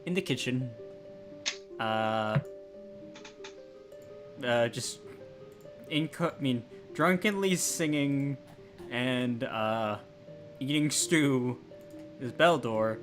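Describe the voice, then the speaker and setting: A man's voice: medium pitch, extremely slow, long pauses, soft background music. A man narrating a tabletop game as game master, hesitant and full of restarts.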